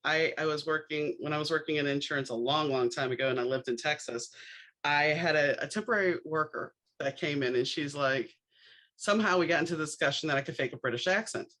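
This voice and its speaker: A woman's voice: sits low, a little fast. A woman from New Orleans hosting a podcast, telling anecdotes in a casual, wry way and acting out the dialogue. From New Orleans, USA. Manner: animated storyteller, acts out dialogue with wry asides. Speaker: podcast host. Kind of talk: casual storytelling chat.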